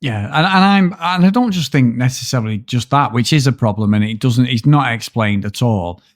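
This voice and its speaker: A man talks through a film in a loose, meandering way, cursing freely and looping back on himself. His voice sits at an ordinary middle pitch. The recording is dry and close, with no room sound. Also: normal speed, no echo. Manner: rambling, sweary, animated storytelling. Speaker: podcast co-host. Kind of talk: casual film review chat.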